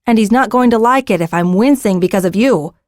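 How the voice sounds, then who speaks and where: A woman voicing a spirited young woman warrior and mother, speaking forcefully and teasingly in an audiobook. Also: medium pitch, brisk, dry recording, clean studio sound, close to an everyday voice.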